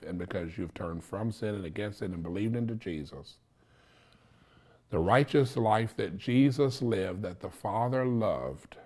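A male preacher with a somewhat low voice delivers a sermon. He teaches through short, repeated phrases that hammer home each point, and he often pauses to ask "okay?" to make sure the listener is following. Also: a little mellow. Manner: repetitive, insistent teaching with frequent "okay?" check-ins.

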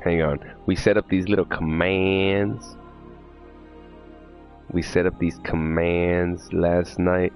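A man streams a horror game live, rambling to his chat in a loose, profane and jittery way. His voice is very low. Faint game music plays in the background. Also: level tone, slow, pauses often, darkish tone. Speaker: livestreamer. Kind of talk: casual live gameplay chat.

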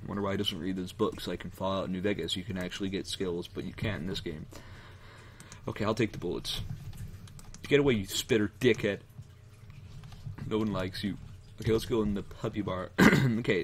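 A young man casually commenting on his own gameplay, rambling and jumpy, yelping when startled. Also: on the low side. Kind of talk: casual let's-play commentary.

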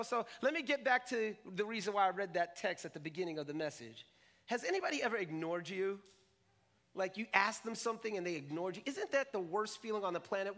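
A male pastor preaching a sermon in church, animated and jokey, acting out quotes in funny voices. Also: high-pitched. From Jamaican family roots. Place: church stage.

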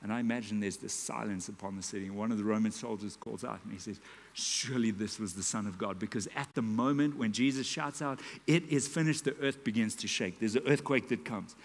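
Pastor preaching dramatically. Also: male voice, lowish voice, a little fast, creaky, hardly any pauses. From South Africa. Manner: dramatic storytelling, swings from hushed to loud. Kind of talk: sermon. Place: church auditorium. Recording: live church hall reverb.

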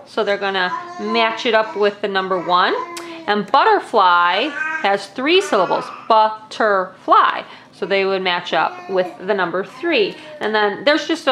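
A woman's voice: on the high side, background noise. A young woman casually demonstrating classroom activities, explaining each step with friendly "um"s.

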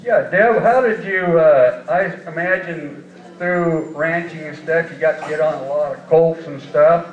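A man's voice: a little high, measured pace. A man hosting an onstage interview, friendly and prompting with a few fillers. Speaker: emcee and interviewer. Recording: tinny, distant sound in an echoey hall.

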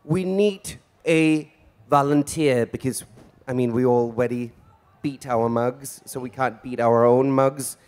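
A man's voice: medium pitch, steady tone, measured pace, darkish tone, clear, resonant tone. A man in his forties hosting a live event as a drag queen, with flamboyant, theatrical camp banter on stage. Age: 40s. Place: event stage before an audience.

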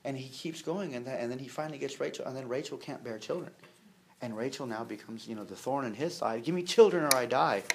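A man's voice: mid-range voice, steady tone, fast, slight background noise. A man preaching a sermon in a conversational way, with humor, many fillers and repeated words. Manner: conversational, with humor and acted-out quotes.

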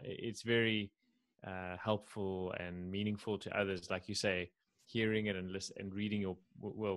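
A man's voice: low-pitched, fairly bright tone, dry recording. A man hosting a podcast interview, thanking his guest and searching for words before asking a question. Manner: appreciative, halting, searching for words. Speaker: podcast host. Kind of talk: interview conversation.

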